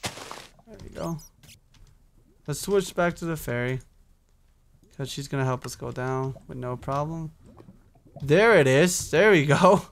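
A man's voice: on the high side, measured pace, a little hiss or hum. A young man giving casual, chatty commentary on his own gameplay, talking to himself, humming and swearing as he goes. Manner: chatty, self-talking, swears, hums while playing. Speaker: gaming YouTuber. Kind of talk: casual Minecraft let's play commentary.

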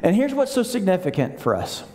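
Male pastor, higher voice, lively sermon with acted-out quotes and call-and-response, long church reverb. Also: brisk. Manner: animated, acts out voices of the people he quotes; leads the congregation in call-and-response. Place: large church hall.

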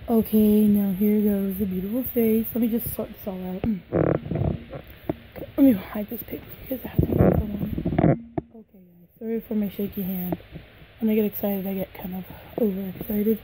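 A young woman vlogging an unboxing in a casual, gushing way, her voice a little hoarse, sometimes dropping to soft whispers. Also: mid-range voice, fairly even intonation, moderate pace, a little hiss or hum, poor audio.

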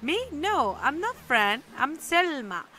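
Game casting note: a woman playing a cheerful little female root creature, squeaky, sing-song and very high. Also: big pitch swings, slow pace, bright, forceful tone, a little hiss or hum, exaggerated voice. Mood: bubbly. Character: tiny cheerful female root creature who loves singing.

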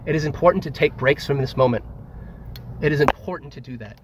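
A man giving an earnest, rambling philosophical monologue to friends, emotional and close to tears, with halting, repetitive phrasing. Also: medium pitch, noisy background. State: tearful. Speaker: speaker leading a group talk.

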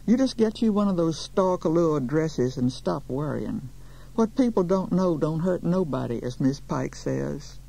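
A woman's voice: deep voice, animated, unhurried, vocal fry, mellow, full character voice, rough recording. A woman voicing a gossipy, talkative beautician with a folksy Southern accent. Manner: chatty, folksy, drawling.

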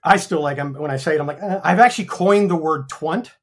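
A man's voice: fairly high pitch, fast. An American man of fifty, talking frankly in a casual interview, rambling with many ums and swearing freely. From United States. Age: 50s. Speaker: actor guest.

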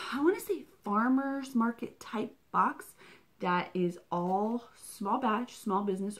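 A woman reviewing a subscription box in a chatty, excitable unboxing vlog, dropping into whispers and gasps. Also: medium pitch, a little hiss or hum.

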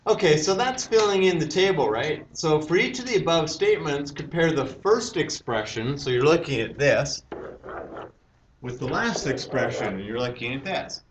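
A man's voice: on the high side, animated, normal speed, highs cut off. A male math teacher lecturing a class, explaining step by step and questioning the students. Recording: roomy, distant classroom mic with hiss.

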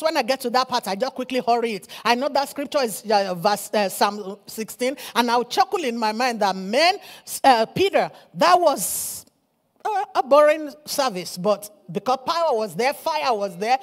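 Woman preacher, high lively voice, fiery sermon with shouted peaks. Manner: fiery preaching, rising to shouts, repeating phrases. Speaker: apostle preaching.

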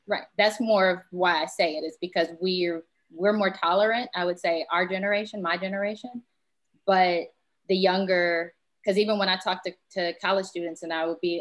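A woman's voice: lowish voice, steady tone, brisk. A woman panelist in a round table discussion, talking candidly and acting out little exchanges with friends and family.

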